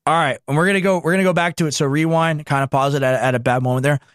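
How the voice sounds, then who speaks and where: A man's voice: fairly high pitch, steady tone, very fast, fairly bright tone, no room sound, clean studio sound. Sarcastic, indignant male show host. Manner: indignant, sarcastic, talks over clips. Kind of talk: reacting to clips and reading quotes.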